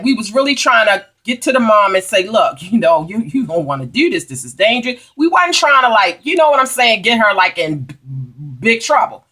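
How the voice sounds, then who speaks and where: A woman tells a heated story to her vlog viewers, swearing freely. Her voice is bright and sits a little high, and she presses every point hard. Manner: heated, profane, emphatic storytelling. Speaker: vlogger. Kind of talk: angry storytime rant.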